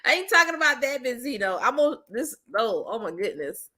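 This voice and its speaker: A woman hosting her own channel, chatting casually with viewers in a blunt, slangy, teasing way and breaking into loud playful laughter. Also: on the high side, very animated, a little fast, slightly rough. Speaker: host of a commentary channel. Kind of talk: casual chat reacting to viewers.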